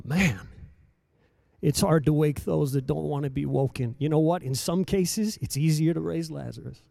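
A man preaching a sermon in a rhythmic, repetitive cadence, swinging between hushed lines and loud emphatic calls. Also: a little high, moderate pace, vocal fry, dry recording, studio quality.

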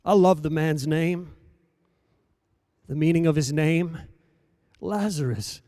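A man delivering a sermon in a high voice for a man, close and dry with no room echo. His delivery is dramatic, sinking to near-hushed phrases and then lifting into loud, ringing declarations. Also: takes it slowly. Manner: dramatic, swinging between soft and loud emphasis. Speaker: preacher.

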